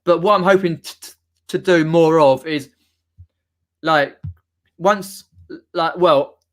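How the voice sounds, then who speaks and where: A man's voice: fairly high pitch, takes it slowly. Rambling Mockney-accented man. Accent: Mockney, near London. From southern England, near London. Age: young adult. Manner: rambling, many restarts and fillers. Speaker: live stream host. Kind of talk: casual live stream chat reading comments.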